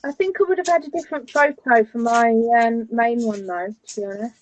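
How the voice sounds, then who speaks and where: A woman co-hosting a casual knitting chat, reacting with quick enthusiasm and teasing her co-host. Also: a little high, animated, a little hiss or hum, rough recording. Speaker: podcast co-host.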